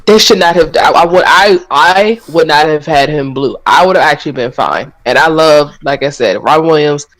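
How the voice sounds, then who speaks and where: A man's voice: fairly high pitch, normal speed, few pauses, a bit bright, rough recording. A man co-hosting a casual podcast chat, rambling and swearing and correcting himself as he goes. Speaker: podcast co-host.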